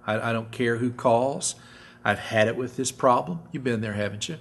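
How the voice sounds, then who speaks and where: In a church sanctuary, a pastor with a creaky, medium-pitched voice preaches at normal speed, with a slight hiss or hum in the background. He talks with the congregation, acting out quoted voices that swing between loud and soft. His style is conversational, with repeated words and frequent "right?" questions to the audience.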